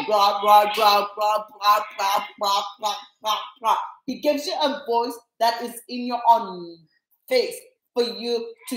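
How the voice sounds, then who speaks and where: A woman with a fairly high voice preaches to viewers, emphatic and repetitive as she rallies them, exhorts them and prays over them. The low-quality recording has an echoey room and slight background noise.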